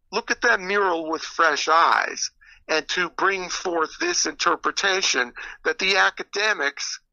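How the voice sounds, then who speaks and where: A podcast guest in casual conversation, telling stories in an earnest, animated way. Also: mid-range voice, no room sound, lo-fi sound.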